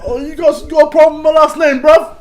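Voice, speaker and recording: A man putting on a brash, exaggerated Cockney London voice, loud and mock-offended. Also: level tone, brisk, faint music behind. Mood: mock-indignant. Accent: exaggerated put-on Cockney. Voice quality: loud, shouty, high.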